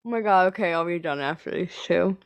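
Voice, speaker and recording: Young woman, podcast co-host, lowish voice, dry sound, animated and talkative. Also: quick pace, clean tone, no echo. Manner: chatty, animated, says like a lot. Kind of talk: casual podcast chat.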